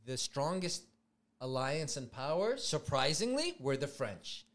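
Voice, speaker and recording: A man's voice: fairly high pitch, measured pace. A man co-hosting a podcast, telling stories in a casual chat and often saying "bro" and "man". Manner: animated storyteller, says "bro" and "man" often. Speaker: podcast co-host.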